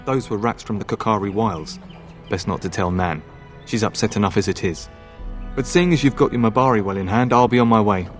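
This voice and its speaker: A man's voice: on the low side, fairly quick, soft background music, natural voice. A man voicing an earnest young castle knight in a fan dub, formal and courteous. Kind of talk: fan voice acting over a game.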